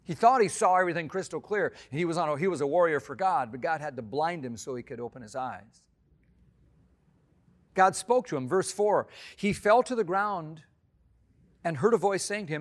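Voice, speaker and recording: A man preaching a sermon in an earnest, emphatic way, swinging between loud, stressed rises and hushed, quiet drops. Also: on the high side, lively intonation, normal speed. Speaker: pastor.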